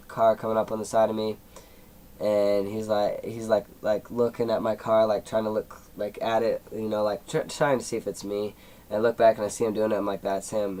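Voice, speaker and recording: A man's voice: lowish voice, darkish tone, rough recording. Emotional teenage guy rambling. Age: teens. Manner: rambling, many "like" fillers, emotional, tearing up at times. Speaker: YouTuber. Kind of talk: personal vlog storytelling.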